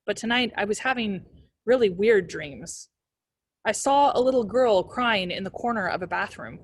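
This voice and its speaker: A woman's voice: mid-range voice, animated, normal speed, husky, no echo. A woman reading a novel aloud as a librarian, telling the first-person story expressively.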